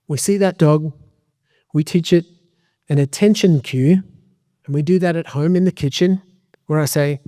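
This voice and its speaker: A man giving a community talk as a dog trainer, lively and conversational with joking asides. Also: a little high, moderate pace, long pauses, dry recording, studio quality.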